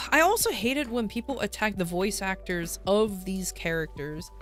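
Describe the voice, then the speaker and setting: A woman's voice: medium pitch, animated, moderate pace, fairly bright tone, soft background music. A woman streamer in a casual livestream chat, ranting bluntly with swearing and frequent restarts.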